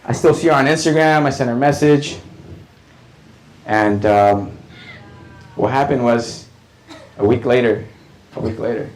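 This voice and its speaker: A man doing stand-up on a comedy club stage, his story rambling along with many fillers and restarts. His voice sits at an ordinary middle pitch and keeps up a lively delivery. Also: unhurried, pauses often, rough recording.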